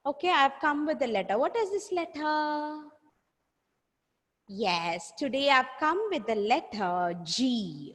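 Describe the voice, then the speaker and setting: Slow, high-voiced teacher woman. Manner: slow, drawn-out words for children to repeat; firm, scolds and praises pupils by name. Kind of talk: online class, call and repeat. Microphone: video call. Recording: long reverb on voice.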